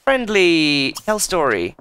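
A man giving excitable, sweary commentary while playing a video game. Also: takes it slowly. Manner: excitable, swears a lot, jumps in pitch. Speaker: gaming YouTuber. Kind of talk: casual let's play commentary.

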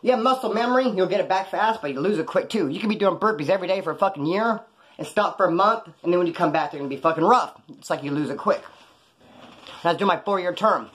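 A former prisoner telling stories about prison life in a blunt, rambling, profane way. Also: male voice, sits high, quick pace, fairly bright tone. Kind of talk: casual storytelling monologue.

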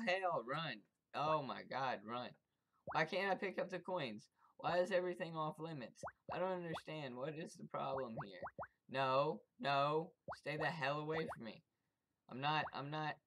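A gameplay commentator who trash-talks enemies in profane, excitable bursts and yelps when startled. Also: mid-range voice, a little hiss or hum. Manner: taunts the game's enemies directly. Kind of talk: let's-play commentary.

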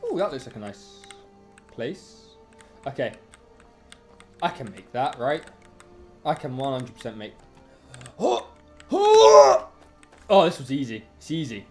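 A streamer giving excitable let's-play commentary, taunting enemies in the game. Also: medium pitch, slow, pauses often, faint music behind. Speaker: gaming streamer.

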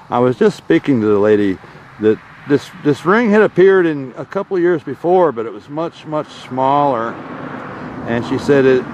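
A man's voice: mid-range voice, a little hiss or hum. A man narrating a casual outdoor vlog in a folksy, meandering way. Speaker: vlogger. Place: outdoors in a rural yard.

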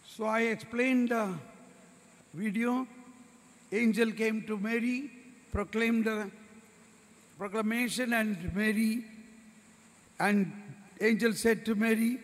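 High-voiced Indian man preaching slowly. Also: steady tone. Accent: Indian English. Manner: storytelling, acts out voices of others. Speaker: priest preaching at a workshop. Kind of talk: sermon. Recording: reverberant hall.

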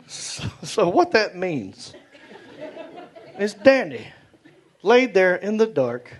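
A man telling a stand-up story on stage, his voice sitting high and swinging up and down as he acts out the scenes. Faint crowd laughter comes through behind him in the club. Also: slow, long pauses. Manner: animated, acts out characters with big pitch jumps. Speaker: stand-up comedian. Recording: live comedy club with crowd. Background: audience laughter.

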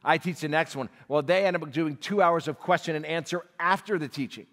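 A man's voice: on the high side, fairly quick. A man telling his own story as a speaker at a church Bible class, acting out dialogue as he goes. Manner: animated storyteller, acts out dialogue, chuckles. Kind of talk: storytelling testimony talk. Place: church hall. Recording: long hall reverb.

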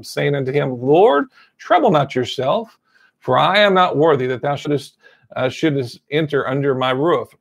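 Male preacher, raised pitch with some fry, folksy sermon storyteller, dry recording. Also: no echo. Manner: repeats amen often, storytelling. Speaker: pastor.

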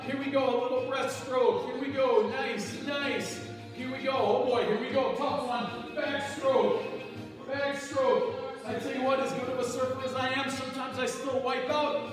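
An upbeat surfer dude, as a man puts him on, drawls his slang with bright high energy. He sounds far from the mic in a long, ringing hall. Faint music plays behind him. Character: laid-back adult male surfer dude, upbeat. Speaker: workout leader. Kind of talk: kids' PE workout video.

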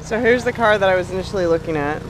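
A woman's voice: medium pitch, very fast. Chatty, laughing woman vlogging from a car. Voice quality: laughs often, chatty and teasing. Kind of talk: casual vlog chat. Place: in a car, then outdoors at a car lot. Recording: clear car and road noise.

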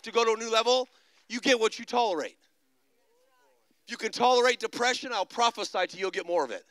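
A man preaching a sermon, moving between quiet storytelling and loud, shouted exhortation. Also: very high-pitched, no room sound, low-quality recording. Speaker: pastor. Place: large church stage.

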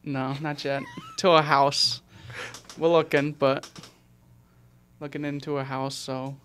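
A man's voice: a little high, level tone, slow pace, a bit bright, a little hiss or hum. A young man, a guest vehicle technician, giving short laid-back answers in a casual chat.

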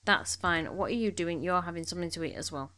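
A woman's voice: lowish voice, fast talker, pushed and bright. A woman giving casual gameplay commentary, chatting along and bossing her game characters around, a little snuffly from allergies. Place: home room.

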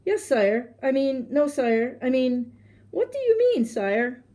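A woman's voice: high voice, sing-song, takes it slowly, mellow, pitched above the performer's own voice, exaggerated voice. A woman voicing a clever male jackal who speaks humbly and politely while pretending to be confused. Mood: mock-confused. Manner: humble, polite, playing dumb. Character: sly, mock-foolish male jackal.

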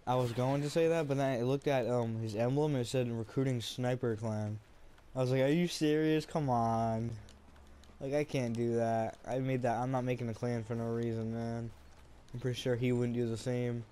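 A young man talking casually over a game he is playing, in a monotone, rambling voice, now and then swearing at the game. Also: mid-range voice, fairly quick, slight background noise. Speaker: gaming video creator. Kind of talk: casual commentary over gameplay.

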